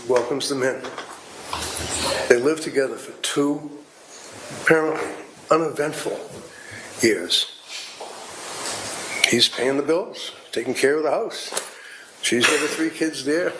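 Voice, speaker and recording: A man's voice: a little high, a little slow, long pauses, echoey room, background noise. A man giving a defense closing argument to a jury, speaking emphatically and repeating himself for effect. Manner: emphatic, repetitive, conversational courtroom oratory. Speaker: defense attorney. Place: courtroom.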